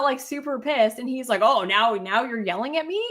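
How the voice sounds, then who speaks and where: Animated young woman telling stories. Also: high voice, a little fast, hardly any pauses. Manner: animated storytelling, acts out quarrels with a rising voice. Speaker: podcast co-host. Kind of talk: casual chat.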